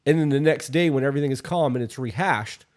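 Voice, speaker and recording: A man's voice: mid-range voice, fast, a little mellow. A man co-hosting a podcast, giving blunt, emphatic relationship advice and swearing freely. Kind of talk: casual advice chat.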